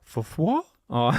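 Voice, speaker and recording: A man co-hosting a podcast in loose, giggly banter, his pitch swinging widely as he rambles and teases. The sound is dry and close, with no room around it. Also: slightly rough, no echo. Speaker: podcast co-host.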